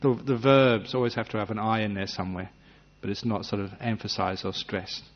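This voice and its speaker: Gentle low-voiced man giving a dharma talk. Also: level tone, fairly quick. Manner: gentle, humorous, acts out little scenes. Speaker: meditation teacher. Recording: dull lo-fi recording.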